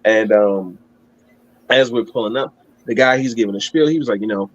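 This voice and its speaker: A man's voice: medium pitch, normal speed, dull audio. A man telling a long, rambling story in casual chat, swearing and laughing at himself. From Maryland. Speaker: guest.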